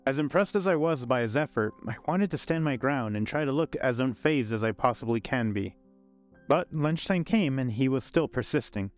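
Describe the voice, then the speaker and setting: A man narrating a scripted first-person love story in a calm, even way. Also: medium pitch, normal speed. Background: faint background music.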